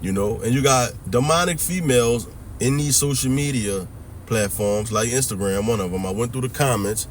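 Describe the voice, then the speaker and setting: Man, mid-pitched voice, preachy profane rant, vlog commentary, faint noise behind. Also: moderate pace. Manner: preachy, profane, keeps asking listeners if they hear him. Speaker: religious commentary vlogger. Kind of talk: ranting commentary monologue.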